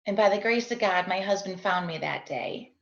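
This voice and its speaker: A woman's voice: medium pitch, moderate pace, echoey room, highs cut off. A middle-aged woman, a guest in an interview, giving a heartfelt personal testimony as a parent. She speaks in an earnest, confessional way and often checks in with "right?". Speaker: guest sharing her story as a parent. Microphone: video call.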